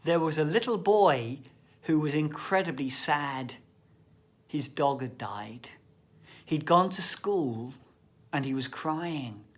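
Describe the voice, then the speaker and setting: Slow, expressive male storyteller. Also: on the high side. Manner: slow, expressive storyteller, often drops to a whisper. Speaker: shamanic practitioner and storyteller. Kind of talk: reflective thought-for-the-day talk with storytelling.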